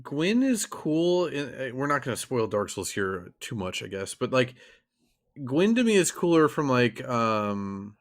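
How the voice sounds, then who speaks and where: A man co-hosting a podcast, talking in a casual, enthusiastic, animated way. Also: mid-range voice, a little slow. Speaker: podcast co-host.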